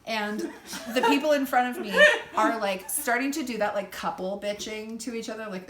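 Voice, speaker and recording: A young woman telling a story in a casual chat, loud and animated, swearing freely and acting out the people she quotes. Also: a little high, normal speed. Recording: echoey room, faint background hum.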